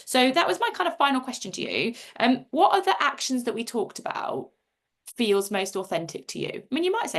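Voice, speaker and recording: Middle-aged woman, gravelly fry, chatty self-interrupting host, video-call workshop. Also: high voice, big pitch swings, brisk. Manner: chatty, self-interrupting, reads out chat comments.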